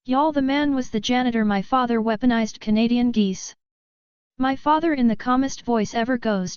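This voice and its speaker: A woman reading online stories aloud as the show's narrator, in an even, steady read-aloud delivery. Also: on the high side, normal speed, smooth, dry recording, highs cut off. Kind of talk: scripted story narration.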